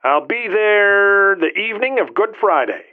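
Brash billionaire over a tinny phone line, voiced by a male narrator, high and lively. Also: measured pace. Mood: blunt. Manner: blunt, distrustful. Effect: telephone filter.

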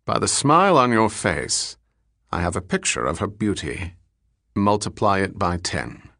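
Man reading a courtly, flattering gem merchant, low and close. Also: unhurried, no room sound, exaggerated voice. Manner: flowery, ceremonious politeness. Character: suave courtly male gem dealer, flattering.

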